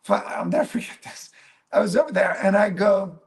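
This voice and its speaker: This is a man teaching fellow clinicians through a patient case in an animated storytelling way. His voice sits high and ranges widely, and he keeps checking in with "right?" and "okay?". He replays his own past remarks as he goes. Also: fairly quick. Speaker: physical therapist and clinic coach.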